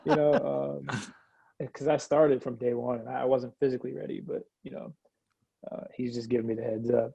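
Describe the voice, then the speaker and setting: A young man from Iowa speaks as a podcast guest, his voice gravelly with a husky edge. He talks in a loose, easygoing way, laughing often and filling gaps with slang. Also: mid-range voice, level tone, fairly quick, dark tone, no echo, rough recording. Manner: laid-back, laughs often, lots of slang fillers. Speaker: guest, former college point guard. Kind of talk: casual podcast chat.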